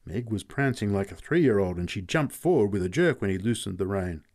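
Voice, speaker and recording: A man narrating a story in a steady, reflective way. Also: fairly low pitch, a little fast. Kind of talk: audiobook narration.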